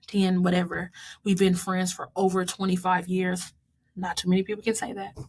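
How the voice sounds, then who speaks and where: Woman, 30s, American, lowish voice, heartfelt and chatty with frequent laughs. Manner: heartfelt, laughs often, dedicates each mile to loved ones. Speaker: vlogger recapping her marathon. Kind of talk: casual personal recap.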